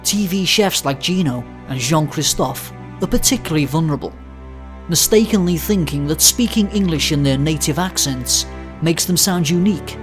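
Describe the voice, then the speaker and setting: A woman voicing a spoof charity appeal in an earnest, solemn tone. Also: deep voice. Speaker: charity ad voice-over.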